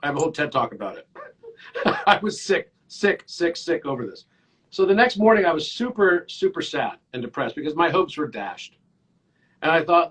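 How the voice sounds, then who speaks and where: A man in his fifties speaks as a podcast guest, earnest and animated as he tells his stories. His voice is husky and sits fairly high for a man. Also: moderate pace, poor audio. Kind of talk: casual interview chat.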